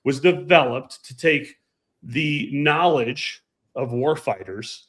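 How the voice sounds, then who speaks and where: A man co-hosting a casual podcast, telling emphatic, animated anecdotes about flying. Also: mid-range voice, slow pace. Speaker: podcast co-host and pilot. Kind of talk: casual chat, storytelling.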